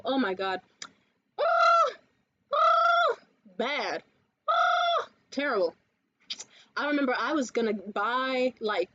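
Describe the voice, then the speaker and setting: High-voiced woman, profane vlog storyteller. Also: dull audio. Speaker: vlogger. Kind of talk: casual life-update vlog. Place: indoors in a room.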